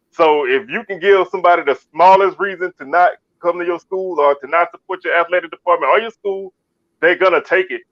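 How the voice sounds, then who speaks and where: Guy, kinda high voice, keeps repeating words, muffled dry audio. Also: fairly bright tone, no echo. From Baton Rouge, Louisiana. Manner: stumbling restarts, repeats words. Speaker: co-host. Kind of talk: casual chat. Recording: dull lo-fi dry sound.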